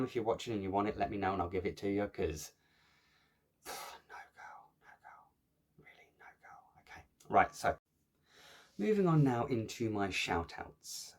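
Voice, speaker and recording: A man with a slightly low voice talks casually to his viewers as a cross-stitch vlogger. He rambles in a friendly way, cracks jokes that fall flat and then laughs at himself. His speech is full of ums, uhs and false starts. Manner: chatty, jokey, self-mocking, many fillers. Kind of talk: casual chat to camera.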